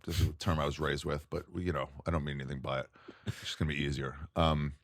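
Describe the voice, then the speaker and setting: A man, a guest comedian, chatting casually on a podcast, swearing freely and acting out what other people said. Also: fast talker. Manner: profane, animated, jumps pitch to act out quotes.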